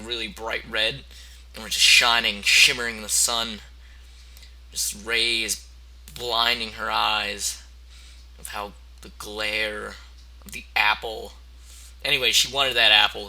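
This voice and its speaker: A man's voice: on the low side, gravelly, pushed and bright, poor audio. A man reading a mock audiobook aloud, rambling, stammering and cursing as he goes. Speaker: parody storyteller.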